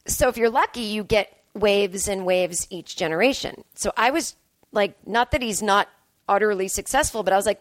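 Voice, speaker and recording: On her own podcast, a young comedian in early adulthood talks fairly quickly in a mid-range voice, and the recording is dry. It's a casual monologue: a meandering, self-mocking story loaded with fillers.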